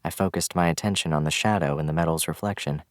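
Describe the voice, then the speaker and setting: A man giving scripted, measured audiobook narration of a fantasy novel. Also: extremely low pitch, no echo, clean studio sound.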